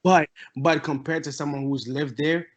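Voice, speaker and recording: A man's voice: on the high side, fairly even intonation, normal speed, crowd noise. A man from Ghana making his point in a casual podcast debate, emphatic and argumentative, restarting his sentences often. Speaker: podcast guest, musician.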